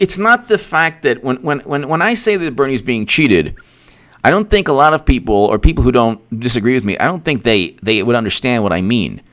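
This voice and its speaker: A man hosting casual political commentary, rambling and repeating himself, with animated asides. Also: medium pitch.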